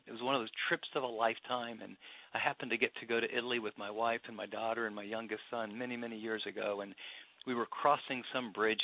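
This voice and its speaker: A man's voice: mid-range voice, no echo. Earnest man on a tinny phone line. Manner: earnest, reflective, with many restarts. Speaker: pastor and author, guest. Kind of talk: radio interview conversation.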